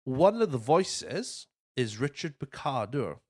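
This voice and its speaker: This male podcast host speaks slowly in a medium-pitched, slightly mellow voice with big swings in pitch. He chats casually, telling stories with lots of swearing and acted-out quotes, captured in clean studio sound with no room noise.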